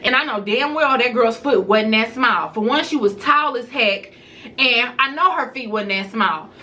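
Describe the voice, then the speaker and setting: A woman vlogger telling a personal story to her viewers in a casual, animated way. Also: fairly high pitch, normal speed.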